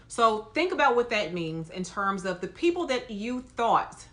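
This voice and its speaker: A woman who works as a nurse, talking straight to her viewers in an emphatic, lively way. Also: mid-range voice, unhurried, hardly any pauses. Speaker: nurse and video host. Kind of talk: casual talk to camera.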